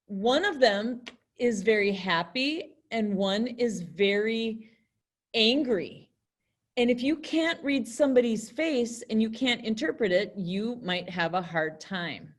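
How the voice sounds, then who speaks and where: A young woman teaches a virtual classroom lesson in a chatty style, acting out example phrases in different tones. Her voice is a little high with lively intonation, and she speaks slowly.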